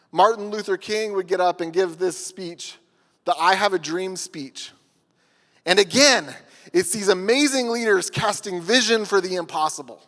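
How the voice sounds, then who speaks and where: An earnest man speaking at a conference workshop, his voice high and clear. He tells stories with deliberate pauses, and the sound carries a long hall reverb. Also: a bit bright.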